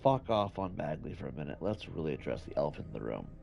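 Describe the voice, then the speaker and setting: A man's voice: a bass voice, big pitch swings, fast talker, creaky, a little mellow, soft background music. A male streamer giving casual, crude, joking let's-play commentary. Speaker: gameplay streamer.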